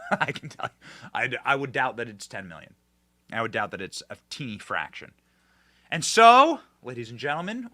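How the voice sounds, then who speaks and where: Fired-up, bright-voiced male commentary host. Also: on the high side. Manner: emphatic, swings from shouting to hushed.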